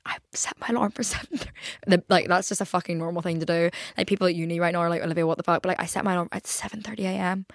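A woman in her twenties hosts a podcast solo, chatting casually with lots of fillers and offhand swearing. Her fairly low voice is flat and rapid-fire with few pauses, recorded in studio quality with no room sound.

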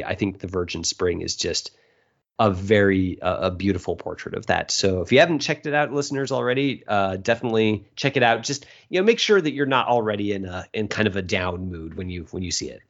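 Guy hosting a podcast, lowish voice, thinks out loud and restarts a lot, kinda muffled audio. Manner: thoughtful, halting, many restarts. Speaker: podcast host. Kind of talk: casual podcast chat.

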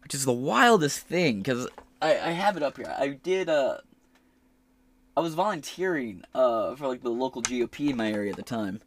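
A man's voice: medium pitch, big pitch swings, moderate pace, a little hiss or hum. A male podcast host ranting in casual political commentary, heated and full of swearing. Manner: heated, profane rant.

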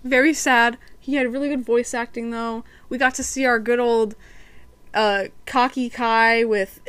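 A woman's voice: fairly high pitch, little pitch movement, unhurried, clear, resonant tone, no room sound. A woman hosting a podcast, reviewing cartoon episodes in casual, chatty talk and acting out quotes. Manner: chatty, giggly, acts out quotes.

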